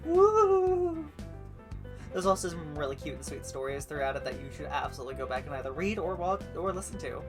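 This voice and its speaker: A man's voice: fairly high pitch, sing-song, fairly quick. A man streaming a story game live, talking in a chatty, rambling way with frequent swearing. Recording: guitar music playing underneath.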